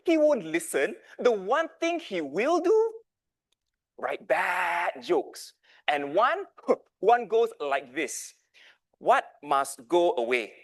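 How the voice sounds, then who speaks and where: A man in his thirties giving a dramatic storytelling speech with big swings in volume. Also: sits high. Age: 30s. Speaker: club speaker.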